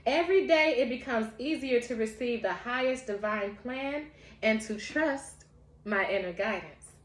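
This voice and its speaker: A woman's voice: fairly high pitch, expressive, moderate pace, reverberant. A woman giving a casual spiritual tarot reading, heartfelt and encouraging, often breaking into laughter. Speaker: tarot reader.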